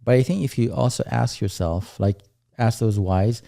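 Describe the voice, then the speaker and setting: A man co-hosting a podcast, talking things over in a reflective, unhurried way. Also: medium pitch, creaky, dark tone, no room sound, clean studio sound. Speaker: podcast co-host. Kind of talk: casual chat.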